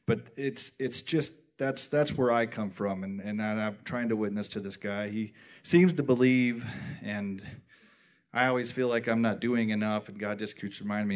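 A man speaking in a halting, rambling way in a casual church group discussion, often restarting his sentences. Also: on the low side.

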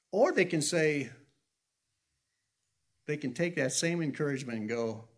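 A man's voice: on the high side, expressive, unhurried, long pauses. A man preaching an informal sermon in a conversational way, restarting his sentences and acting out the people he quotes. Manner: conversational, acts out quotes loudly, self-correcting.

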